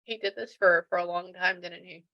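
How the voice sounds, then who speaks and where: A woman's voice: lowish voice, steady tone, moderate pace, muffled recording. A woman working as a spiritual medium, relaying messages in a chatty way and thinking aloud with lots of restarts. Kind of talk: relaying messages during a reading.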